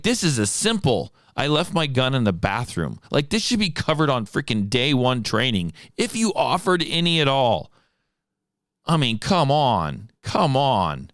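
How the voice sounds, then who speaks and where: Fired-up ranting man with lively pitch. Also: clean tone, no room sound, clean studio sound. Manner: indignant, ranting, rhetorical questions. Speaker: firearms instructor and show host. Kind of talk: fired-up solo commentary.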